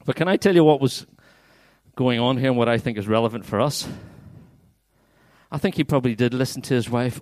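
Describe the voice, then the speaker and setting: A man's voice: mid-range voice, animated, a little fast, darkish tone, dry recording, studio quality. A man preaching as a pastor, playful and coaxing, getting the congregation to act out a Bible story. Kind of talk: interactive sermon with acted-out scripture. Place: church hall.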